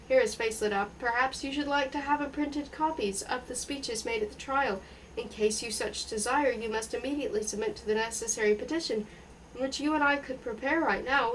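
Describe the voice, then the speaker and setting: A woman reading a novel aloud in an unhurried way, now and then stumbling and restarting words. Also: a little high, recorded from a distance, slight background noise, rough recording. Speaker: audiobook reader.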